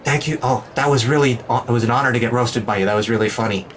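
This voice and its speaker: A man's voice: quick pace, fairly bright tone, some chatter behind, a little hiss or hum, close to an everyday voice. A man voicing a nervous, clumsy female contest entrant in a tabletop game, with a bumbling, cheerful manner. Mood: gushing. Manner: bumbling, cheerful, high put-on voice.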